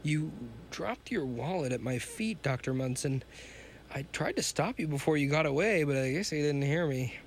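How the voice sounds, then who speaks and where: A man reading as a soft-spoken nervous young hero. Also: on the high side, lively intonation, moderate pace, slight background noise. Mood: wistful. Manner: soft, hesitant.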